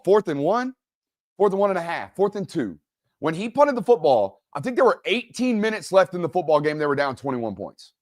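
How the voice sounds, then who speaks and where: Animated man ranting about football. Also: no echo, clean studio sound. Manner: animated, goes loud and high when ranting. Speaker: sports show host. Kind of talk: solo live college football reaction. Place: studio.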